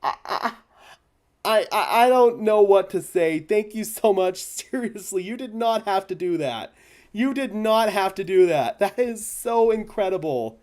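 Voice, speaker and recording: A young man hosting a fan live stream, stammering and overwhelmed, swinging from hushed thanks to shouting. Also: high-pitched, expressive, a little slow. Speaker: fan channel host.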